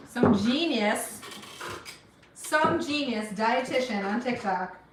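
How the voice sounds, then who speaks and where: A woman's voice: fairly high pitch, animated, slow, roomy sound, recorded from a distance, very noisy. A middle-aged woman from Afghanistan with no accent, chatting to livestream viewers while she cooks. She sniffles a little from allergies. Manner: chatty, encouraging, talks to viewers while cooking. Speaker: cooking livestreamer. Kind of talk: casual live cooking stream chat. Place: home kitchen.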